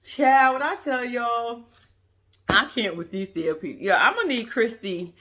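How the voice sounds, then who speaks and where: A woman's voice: fairly high pitch, expressive, moderate pace, a bit bright, a little hiss or hum. A woman giving blunt, profane, casual reaction commentary to her viewers. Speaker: reaction vlogger.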